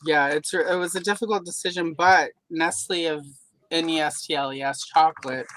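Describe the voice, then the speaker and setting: A woman's voice: low-pitched, fairly even intonation, moderate pace, fairly bright tone, no echo, poor audio. A woman from the American South hosting a live stream, chatting casually and rambling with self-deprecating jokes over a home computer mic. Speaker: host of a live audio stream. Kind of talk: casual chat.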